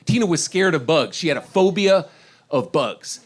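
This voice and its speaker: On stage doing stand-up, a middle-aged man from D.C. speaks at normal speed in a slightly high voice with lively intonation. He meanders through anecdotes and laughs at his own material.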